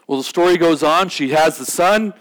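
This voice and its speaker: A man's voice: on the high side, moderate pace, fairly bright tone. A man preaching a sermon in a conversational way. He often repeats words and restarts his sentences. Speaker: pastor.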